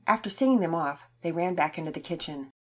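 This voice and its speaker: A woman narrating a children's story in an expressive reading voice. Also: low voice, a little fast.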